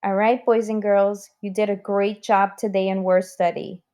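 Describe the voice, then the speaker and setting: A woman's voice: medium pitch, level tone, moderate pace, darkish tone, clean tone. A woman teaching a recorded spelling lesson to children, sounding out words letter by letter.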